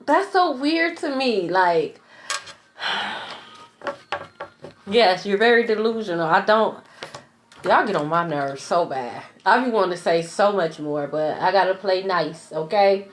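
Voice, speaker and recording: Young woman going off in a rant, cussing, repeating herself, very animated. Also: medium pitch, slow pace, pauses often, slight background noise. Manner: blunt, profane, repeats herself. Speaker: tarot reader. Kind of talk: casual ranting monologue.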